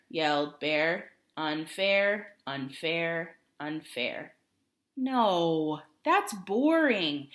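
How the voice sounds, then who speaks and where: A woman teacher giving a recorded reading lesson for children, expressive and encouraging, asking questions along the way. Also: mid-range voice.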